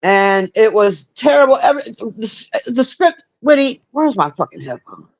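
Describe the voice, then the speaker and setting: A woman's voice: on the high side, very animated, moderate pace. A woman giving a casual, rambling movie review on a livestream, blunt and profane, chatting with viewers in between. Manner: chats with live viewers.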